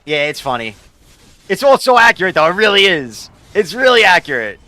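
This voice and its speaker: A man's voice: high-pitched, very animated, fairly quick, pushed and bright, no echo. A young man, a game streamer rambling casually and profanely while he answers his chat.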